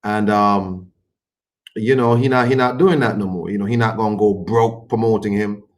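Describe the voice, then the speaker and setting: A man with a somewhat low voice talks through boxing news on his livestream. His delivery is loose and colloquial, wandering from point to point in an unhurried, chatty ramble. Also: fairly even intonation. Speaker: boxing commentary streamer. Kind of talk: casual commentary on a livestream.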